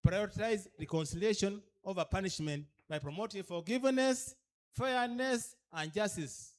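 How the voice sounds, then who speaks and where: At a cultural leaders' orientation, a Ugandan-accented man delivers a training lecture in a high voice at normal speed. He switches between English and a local language and pushes the leaders emphatically with repeated rhetorical questions.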